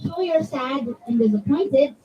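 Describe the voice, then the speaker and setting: A woman's voice: high-pitched, animated, unhurried, warm tone, slight background noise. A woman giving a conversational religious talk at a children's gathering, chatting with the kids and asking them questions. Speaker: zakira addressing a children's majlis. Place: community center hall. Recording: distant, dull mic with faint room ambience.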